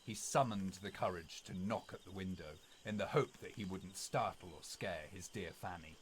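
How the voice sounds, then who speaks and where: A man reading a spooky story aloud in a dramatic, expressive way. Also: deep voice, normal speed, a little hiss or hum.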